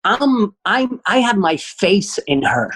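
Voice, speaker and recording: A man with a high voice that jumps all over the place tells a comic story. He's punchy and profane, and his delivery swings hard as he builds each beat. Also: sing-song, takes it slowly, fairly bright tone. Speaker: comedian guest.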